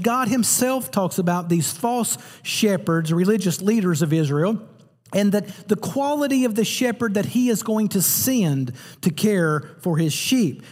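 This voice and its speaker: A man's voice: sits high, a little mellow, breathy edge, long reverb tail. A man preaching a sermon as pastor, teaching earnestly and repeating words for emphasis.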